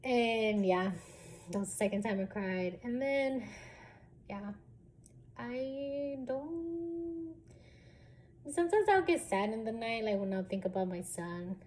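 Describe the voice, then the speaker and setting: A young adult woman telling stories in a casual vlog, chatty and animated, with many fillers. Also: medium pitch, normal speed. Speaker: vlogger.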